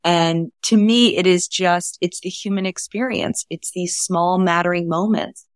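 A woman's voice: lowish voice, steady tone, a little slow, no echo, studio quality. Earnest woman guest telling stories. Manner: earnest, acts out quoted dialogue. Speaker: author guest. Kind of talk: conversational storytelling.

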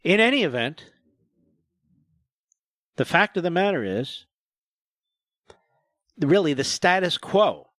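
A male talk radio host with a fairly high voice gives emphatic, sarcastic political commentary. He sounds indignant and leans hard on key words. His voice is dry and close, with no room sound. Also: animated, moderate pace, long pauses, fairly bright tone, no room sound.

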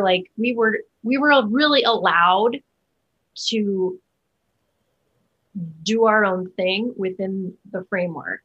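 A woman's voice: medium pitch, takes it slowly, long pauses, a bit bright, slightly rough, muffled recording. A woman Broadway actor chatting as an interview guest, talking in a loose, chatty way full of fillers and restarts. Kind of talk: casual interview chat.

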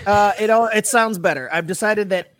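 A man's voice: sits high, normal speed, fairly bright tone, dry recording. A man co-hosting a podcast, reading his notes in casual chat, sarcastic and swearing freely. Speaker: podcast co-host.

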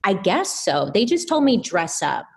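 A woman guest on a podcast, telling a story in a casual, animated way with lots of fillers. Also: mid-range voice, measured pace, creaky, breathy edge. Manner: animated, chatty, filler-heavy.

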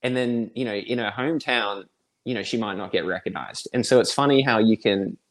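An Australian man in his thirties, a podcast guest who thinks aloud in a relaxed, reflective way with many fillers. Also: fairly low pitch, brisk. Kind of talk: casual conversation.

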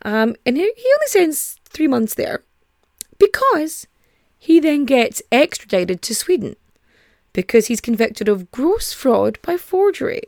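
A woman's voice: sits high, very animated, unhurried, darkish tone, no echo, studio quality. A young woman hosting a podcast, telling a true-crime story in a chatty, digressive way with casual swearing. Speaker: podcast host.

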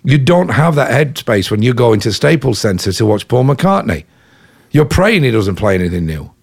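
An English man in his fifties tells road stories in a loose, chatty interview, piling on asides and "you know"s. His voice has a gravelly, fried edge at a middling pitch. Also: normal speed. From England. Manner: chatty, animated anecdotes full of "you know". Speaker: rock musician guest. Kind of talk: casual interview storytelling.

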